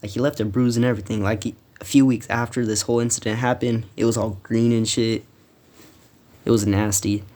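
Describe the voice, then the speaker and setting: A man's voice: mid-range voice, fairly even intonation, a little fast, a little mellow. A teenage boy telling a story from school in a casual, rambling, profane way, with frequent restarts. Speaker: storytime vlogger.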